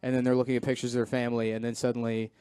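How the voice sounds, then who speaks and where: A man's voice: mid-range voice, monotone, very fast, warm tone, smooth, dry recording. Sardonic male comedian, dry sound. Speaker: stand-up comedian. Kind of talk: comedic on-stage banter.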